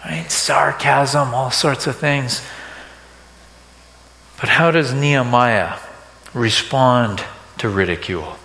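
A man's voice: medium pitch, slow pace, gravelly, pauses often, pushed and bright. A man preaching a sermon, talking to the congregation in a conversational way and often checking in with rhetorical questions. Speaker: pastor. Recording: echoey hall reverb.

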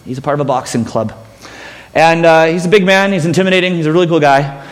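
A man's voice: a little high, fast, in a large hall. A man preaching a sermon as pastor, telling stories with self-mocking humor.

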